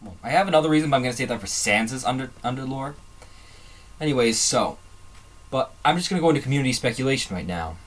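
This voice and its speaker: A man hosts a casual fan commentary video, rambling and digressing, often trailing off and starting his sentences over. His voice is medium-pitched with a fairly bright tone.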